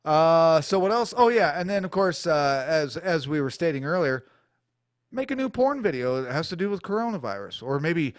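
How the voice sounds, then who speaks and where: Into a studio mic with adjustable EQ, an American man hosting a small studio radio show launches a blunt, crude, profane talk-radio rant that rambles along. His voice leans high and sing-song, and he speaks at a normal speed. The recording is dry.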